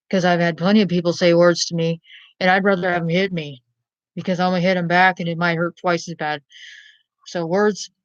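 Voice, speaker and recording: A woman's voice: fairly low pitch, dry recording, dull audio. A woman vlogger rambling bluntly to camera in a profane rant, often asking "you know what I mean?".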